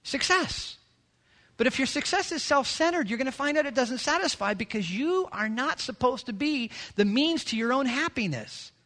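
A man, the pastor, preaching a sermon in a lively, joking way, often mimicking people. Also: very high-pitched, normal speed.

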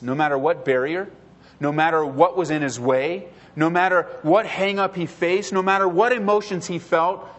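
A male pastor preaching a sermon in an earnest way, repeating phrases for emphasis and acting out quoted prayers and replies. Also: fairly high pitch.

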